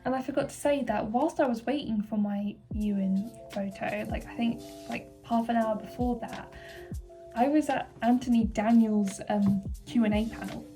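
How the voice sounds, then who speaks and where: A young woman vlogging in casual chat, gushing with excitement and filling her talk with likes and ums. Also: fairly high pitch, moderate pace, far from the mic, over music. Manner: excited, gushing, many fillers. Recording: voice set back from the mic.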